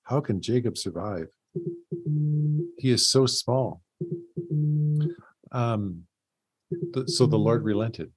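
A man's voice: on the low side, slow, pauses often, breathy edge, dry recording, soft background music, low-quality recording. A man co-hosting a Bible study, reading scripture aloud plainly and joining the discussion with short remarks. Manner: reads scripture aloud plainly, brief agreeing replies. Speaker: Bible study co-host and reader.

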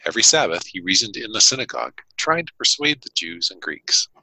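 A man's voice: lowish voice, sing-song, fairly quick, sharp tone, no echo, poor audio. A man co-hosting a casual Bible study chat, who reads passages aloud and jokes between them. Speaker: co-host reading scripture.

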